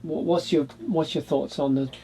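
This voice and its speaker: A man interviewing a former staff member, asking questions haltingly and searching for words. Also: on the high side, fairly even intonation, vocal fry, dark tone, slight background noise, poor audio.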